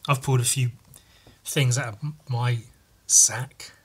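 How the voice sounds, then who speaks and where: A man's voice: medium pitch, steady tone, slow pace, husky. A young British man giving casual, irreverent and heavily sweary commentary while leafing through comics. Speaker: comic reader and vlogger.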